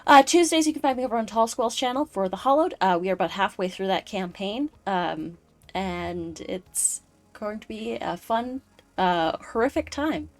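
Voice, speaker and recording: A woman's voice: mid-range voice, lively intonation, normal speed, faint music behind. A woman hosting a live-streamed chat show, rambling through her list with lots of "uh"s. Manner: rambling, full of fillers. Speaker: host.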